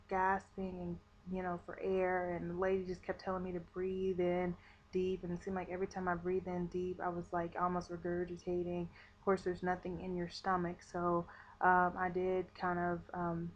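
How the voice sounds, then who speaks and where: A woman's voice: fairly low pitch, slight background noise. A woman vlogger telling a personal story to camera in a chatty way, with many fillers. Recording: dull lo-fi webcam audio.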